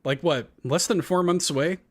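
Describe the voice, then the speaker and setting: A man's voice: a little high, moderate pace. A man co-hosting a casual gaming podcast, rambling with fillers and restarts. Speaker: podcast co-host. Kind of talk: casual chat.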